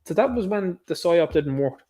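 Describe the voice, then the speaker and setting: A man's voice: fairly high pitch, animated, moderate pace, warm tone, breathy edge. A man hosting a livestream, chatting casually and reading out viewers' comments and answering them. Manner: chatty, talks back to chat comments. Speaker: livestream host.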